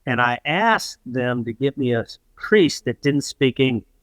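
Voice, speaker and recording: A man, a podcast guest, telling a story in a conversational way, often pausing and restarting as he acts out what others said. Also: medium pitch, animated, fairly bright tone, no room sound. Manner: anecdotal, acts out quoted dialogue with halting restarts.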